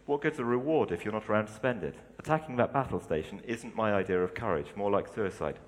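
A man's voice: lowish voice, lively intonation, fast, natural voice. A man reading a cocky smuggler. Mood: offhand. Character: cocky male smuggler, smug and breezy. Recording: long hall reverb.

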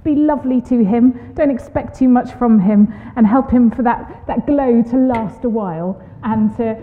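A woman with a Southern English accent giving a sermon in church, reading a testimony aloud with expressive asides. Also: on the high side, normal speed. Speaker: preacher. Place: church hall. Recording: tinny phone-like sound, long hall reverb.

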